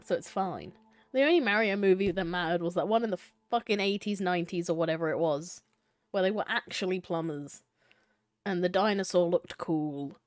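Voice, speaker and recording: A woman's voice: on the low side, moderate pace, clean tone, no room sound, soft background music. A young adult woman live-streaming a choice game, reading it aloud and chatting playfully with viewers, laughing and swearing casually.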